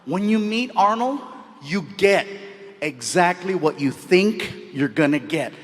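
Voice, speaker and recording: A man doing live stand-up, animated, laughing at his own lines and yelling for effect on a stage mic. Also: sits high, measured pace, long reverb tail. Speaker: stand-up comedian and host. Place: comedy stage before a live audience.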